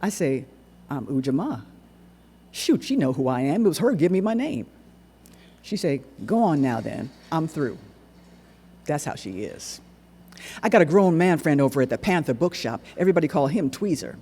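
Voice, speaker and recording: A man performs a dramatic monologue on a stage, telling the story with lively, swooping rises and falls. His voice is dark and husky, and the long reverb of a large hall trails behind it. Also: a little high, fairly quick. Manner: animated dialect storytelling. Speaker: solo performer. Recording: echoey hall recording.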